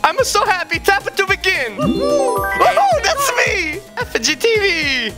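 A man voicing an excitable cartoonish Mario-style plumber with a squeaky falsetto and a mock Italian lilt, hosting a mobile game session in character. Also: measured pace, heavily acted. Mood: giddy. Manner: gleeful, bouncy, full of whoops. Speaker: gameplay host. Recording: game music playing behind.

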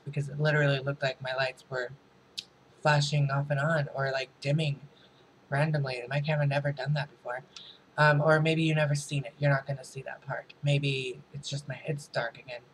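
Chatty, profane vlogger man, flat delivery. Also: medium pitch, slight background noise, low-quality recording. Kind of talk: casual storytime vlog. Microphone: camera mic.

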